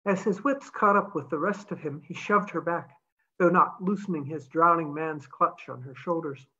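A woman author reading her own novella aloud in a measured storytelling manner. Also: sits low, bright, forceful tone, slightly rough, lo-fi sound.

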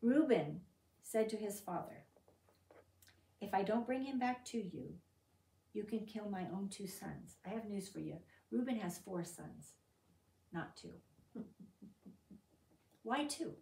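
A woman's voice: mid-range voice, takes it slowly, gravelly, long pauses. A woman leading a Bible study, reading scripture aloud and asking her group questions in a conversational way. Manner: reads scripture aloud with lively emphasis. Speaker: Bible teacher. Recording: echoey room, voice from a distance.

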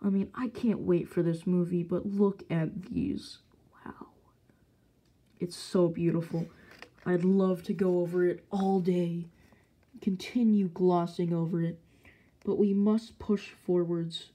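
A young woman vlogging about her collectible toys in an easy, casual way. She gushes with excitement and often slips into hushed, breathy asides. Her voice is warm and a little husky. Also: on the low side, measured pace. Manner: gushing, excitable, drifts into whispers. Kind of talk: casual unboxing chat.

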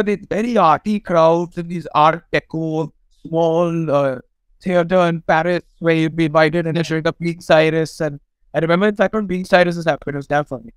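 A middle-aged man with an Indian English accent, a film director guest on a podcast, telling lively anecdotes, swearing freely and laughing often. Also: fairly high pitch, clear, resonant tone, no echo, low-quality recording. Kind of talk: casual podcast storytelling.

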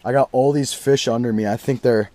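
A young man vlogging as he ice fishes, giving an excited, slangy play-by-play and exclaiming loudly at each catch. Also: medium pitch, brisk. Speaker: fishing vlogger. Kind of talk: excited play-by-play while fishing. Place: ice fishing on a frozen lake in deep cold. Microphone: action camera.

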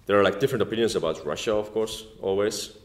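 A man from Estonia with a lowish voice and an Estonian accent gives a speech in non-native English at a formal dinner, halting with many "like"s and "uh"s. He is in a banquet room, and the dining hall makes the recording echoey.

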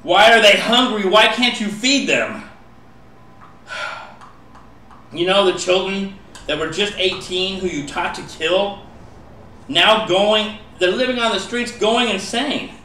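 A man's voice: sits high, takes it slowly, long pauses, far from the mic. Impassioned man reciting poetry, echoey room. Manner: impassioned, rising to pleading shouts. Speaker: poet. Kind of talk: spoken-word poetry recitation.

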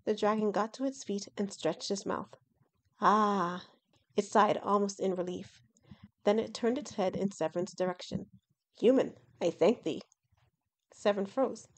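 Woman author-narrator, storybook reading, even and expressive. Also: mid-range voice, normal speed. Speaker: author reading her own novel.

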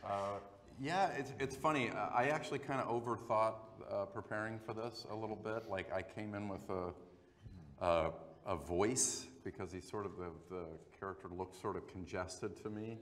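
A man's voice: fairly low pitch, normal speed, a bit bright. A man on a press panel telling self-mocking stories and laughing often. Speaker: voice actor on a panel. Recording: long hall reverb, faint noise.

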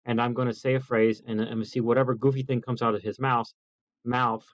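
A man's voice: medium pitch, level tone, quick pace, dry recording, dull audio. A man hosting a home mic-test video, talking loosely and joking as he explains each step at his desk. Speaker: host testing microphones. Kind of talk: casual chat. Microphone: lavalier mic.

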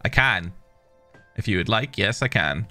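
A laid-back man streaming, chatting easily as he plays and humming little tunes to himself. His voice sits a bit low, with a bright, forward tone, and faint music plays in the background. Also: animated, unhurried. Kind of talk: casual chat while gaming.

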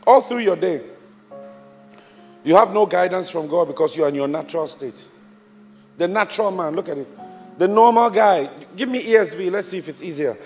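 A man from Ghana preaching a sermon as a bishop, swinging from quiet reflection to shouted exhortation with repeated rhetorical questions. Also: high-pitched, lively intonation, fairly quick, pauses often. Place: large church auditorium. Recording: large church hall with long reverb, music behind.

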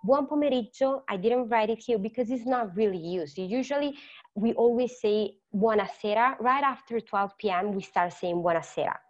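A woman with an Italian accent, whose first language is Italian, teaching an online language class. She explains patiently, repeats words slowly and quizzes her students. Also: on the high side, dull audio. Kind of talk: online lesson.

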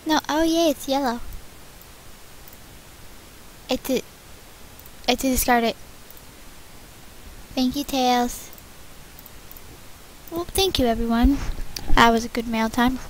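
A high-pitched woman hosting a casual gift-opening vlog. She chats excitedly and thanks her viewers one by one, with a faint hiss behind her. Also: measured pace, pauses often, poor audio. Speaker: channel host.

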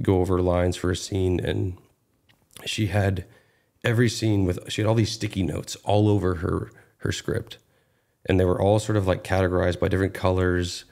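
A man's voice: deep voice, gravelly, a little mellow. A man in his thirties, a guest actor, talking casually in an interview with many fillers and restarts.

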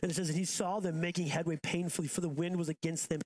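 Male pastor, 30s, casual conversational sermon, fairly high voice, church setting. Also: fairly even intonation, fast talker. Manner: casual and conversational, with many restarts and asides. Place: church auditorium.

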